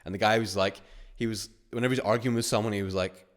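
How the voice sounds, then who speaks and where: A man with a lowish voice hosts a live webinar at a quick clip. He talks casually and rambles through anecdotes, acting out the quotes and letting a swear word slip now and then. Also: fairly even intonation. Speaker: course host. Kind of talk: live webinar talk with chat questions.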